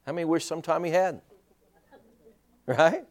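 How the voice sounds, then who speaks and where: A male pastor preaching a sermon in an animated way, full of rhetorical questions and chuckling asides. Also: fairly high pitch, moderate pace.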